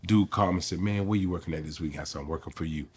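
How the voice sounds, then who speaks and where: A man's voice: low voice, rapid-fire, slightly rough. A middle-aged man, a comedian telling stories in an interview and acting out the voices of people in them. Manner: animated storyteller, acts out quotes. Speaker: comedian guest. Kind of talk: storytelling interview.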